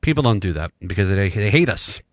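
A raspy man hosting a podcast, rambling and self-mocking as he signs off the episode with frequent laughs. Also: lowish voice, expressive, brisk, no room sound, clean studio sound. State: raspy, rattling chest from illness. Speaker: podcast host. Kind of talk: casual podcast sign-off chat.

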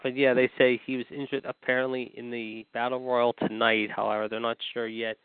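A man's voice: medium pitch, flat delivery, brisk, clean tone, dry recording. A man co-hosting a wrestling podcast, reading the news in a rambling way and leaning on "however" and "apparently". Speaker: podcast co-host. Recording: dry, phone-like line.

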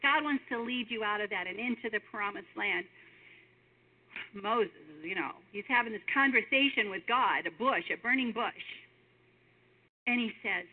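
A woman preaches an earnest, emphatic sermon, turning to the listener with direct questions. Her voice sits a little high and comes through thin and tinny, as if over a phone line. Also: moderate pace. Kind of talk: devotional sermon.

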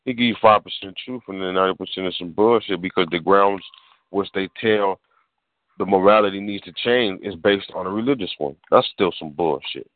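Low-voiced blunt man over a phone line. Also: dry recording. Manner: blunt, emphatic, profane. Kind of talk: casual radio talk. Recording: dry tinny phone line.

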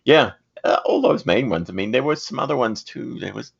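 A man's voice: mid-range voice, lively intonation, a little fast, gravelly, husky, highs cut off. A man co-hosting a podcast, chatting in a meandering way and laughing easily. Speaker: podcast co-host. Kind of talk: casual chat.

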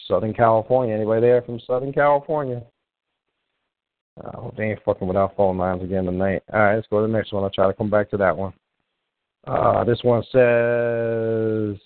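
A man with a fairly low voice hosts a live call-in show, talking loosely and circling back on himself. The sound is thin and phone-like, with a dry feel. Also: no echo. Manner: rambling and loose, restarts often while troubleshooting callers. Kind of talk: casual live call-in chat.

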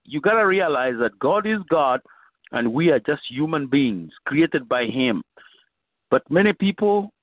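A man's voice: on the high side, dry recording. Preaching man on a tinny phone line. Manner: conversational preaching with frequent "you know" and repetition. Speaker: bishop preaching. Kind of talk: sermon.

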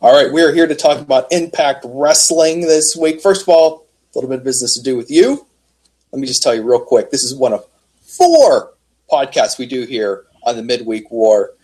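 A man's voice: mid-range voice, animated, normal speed, a little mellow, slightly rough, low-quality recording. A man co-hosting a wrestling podcast in a joking, easygoing chat. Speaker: podcast co-host.

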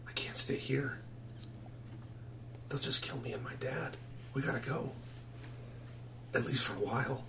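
A frightened young boy whispers urgent pleas in a tabletop whispered role-play, as the game master puts him on. His hushed voice sits far from the mic over a steady noise bed. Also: mid-range voice, unhurried, long pauses, close to an everyday voice. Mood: urgent, pleading. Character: scared young boy, secretive and pleading. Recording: distant noisy mic.

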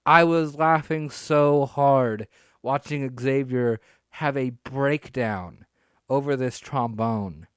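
A man co-hosting a casual wrestling podcast, animated and laughing, drawing words out for emphasis. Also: mid-range voice, slow pace, clean tone, dry recording, studio quality. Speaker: podcast co-host.

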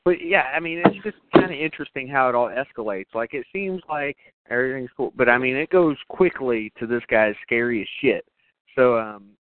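A man co-hosting a podcast, chatting casually and profanely about a movie, acting out characters in high voices. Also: lively intonation, a little fast, no room sound. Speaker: podcast co-host. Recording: tinny phone-like sound, dry.

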